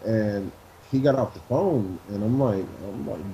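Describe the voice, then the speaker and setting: A man, a wrestler, telling a story in an interview in an animated way and acting out what people said. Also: on the low side, unhurried, slight background noise, low-quality recording. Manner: animated storyteller who acts out quotes.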